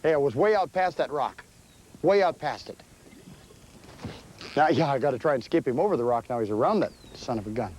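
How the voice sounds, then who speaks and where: Excitable fisherman on a lake. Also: mid-range voice, fairly quick, pauses often, low-quality recording. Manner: excitable, exclaiming and laughing while reeling in fish. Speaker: fishing show host. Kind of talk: casual on-the-water fishing chat. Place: outdoors on a boat on a lake. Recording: 1980s VHS field audio with light noise.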